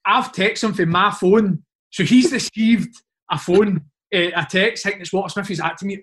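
Lively Scottish man telling stories. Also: sits high, moderate pace. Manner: animated anecdotes, frequent "mate" and "like". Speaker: former footballer guest. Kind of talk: casual storytelling chat.

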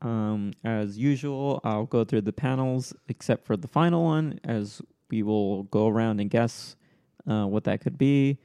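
A man with a mellow, relaxed voice hosts a casual podcast. He walks through comic panels one by one and reads out the lines of dialogue in between. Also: on the low side, unhurried, clear, resonant tone. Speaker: podcast host reading comics. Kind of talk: casual chat.

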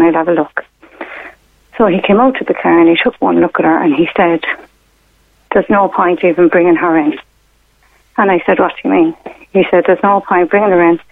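A woman's voice: on the low side, vocal fry. Woman caller on a tinny phone. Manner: rambling, hesitant, many fillers and retold quotes. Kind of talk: telling a personal story on a radio phone-in. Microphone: telephone.

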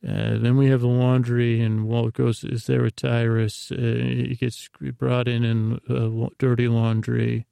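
A man with a very gravelly, low-key voice hosts a sleep podcast, wandering through an episode recap with filler words and restarts. His delivery stays flat and even, and the sound is dry and close. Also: unhurried, hardly any pauses, dry recording. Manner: meandering, drowsy retelling with many fillers.

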